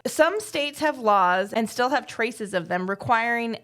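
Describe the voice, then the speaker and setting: A woman's voice: fairly high pitch, lively intonation, a little slow, fairly bright tone. A woman co-hosting a podcast in casual chat, blunt and profane, reading odd facts off a list. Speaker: podcast co-host.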